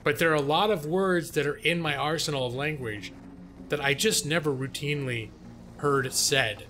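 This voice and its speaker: A man's voice: on the high side, moderate pace, pushed and bright. A man chatting casually on a live gaming stream, rambling and self-deprecating, with casual swearing. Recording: faint music behind.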